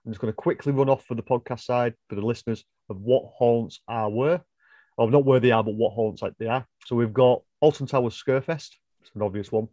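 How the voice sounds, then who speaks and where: Male podcast co-host; mellow, rambling, self-correcting; dry, dull call audio. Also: mid-range voice, brisk, no room sound. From United Kingdom. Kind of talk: casual podcast chat.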